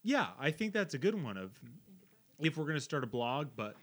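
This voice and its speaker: A man talking loosely among friends on a podcast. He rambles with plenty of fillers and his pitch moves a lot. The tone stays relaxed and easygoing. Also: a little fast. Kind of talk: casual chat among friends.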